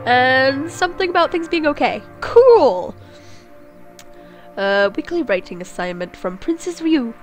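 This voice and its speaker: A woman's voice: high-pitched, very animated, measured pace, soft background music. A young woman playing a text game, reading aloud and joking crudely about herself as she goes. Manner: crude, self-mocking, rambling. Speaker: let's play gamer.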